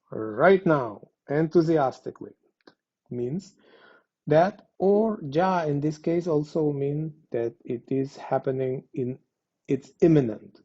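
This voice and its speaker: A man's voice: on the high side, mellow, breathy edge, dull audio. A man teaching a Spanish lesson, explaining patiently with frequent fillers. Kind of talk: language lesson.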